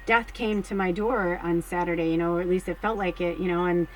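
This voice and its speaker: A middle-aged woman reading tarot cards in a casual, rambling chat, full of fillers, swinging between hushed and excited. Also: on the low side, brisk, a little hiss or hum, low-quality recording. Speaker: tarot card reader.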